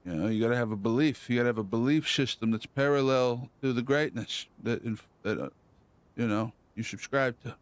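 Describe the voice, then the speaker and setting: A man's voice: medium pitch, a little fast, no room sound. A man hosting a live stream, rambling loosely and joking in slang. His voice sits in an ordinary middle register.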